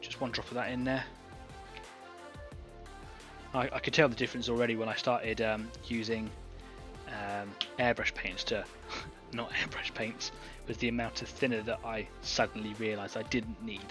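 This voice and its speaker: A man's voice: on the low side, level tone, normal speed, over music. A man hosting an online painting club, chatting casually and thinking aloud as he demonstrates airbrush painting. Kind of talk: casual live-stream painting demo.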